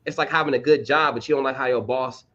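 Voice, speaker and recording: A man's voice: mid-range voice, fairly even intonation, fast talker, sharp tone. Male co-host, blunt and slangy, casual sports debate, a bit muffled. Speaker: podcast co-host.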